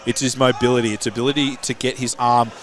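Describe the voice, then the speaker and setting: A man's voice: medium pitch, little pitch movement, fast. A man commenting live on a strongman lifting event in a chatty, analytical way, poking fun at his own slips. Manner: chatty, analytical, self-mocking.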